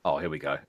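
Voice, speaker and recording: Animated man, joking chat host. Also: lowish voice, dry recording, studio quality. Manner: joking, laughs often, stammers into restarts. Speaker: host of an online talk show. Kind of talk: casual political chat.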